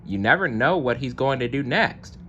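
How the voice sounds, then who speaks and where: A man's voice: mid-range voice, expressive, moderate pace, sharp tone, dull audio, a little hiss or hum, pitched above the performer's own voice. A man voicing a worried dog in a read-aloud storybook, speaking in a slightly raised, uneasy voice. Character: worried party guest dog.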